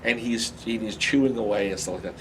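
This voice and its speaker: A fairly low-pitched man speaks fairly quickly in an interview, with a little hiss or hum in the recording. He shares animation stories casually and energetically, laughing a lot and slipping into quick cartoon voices.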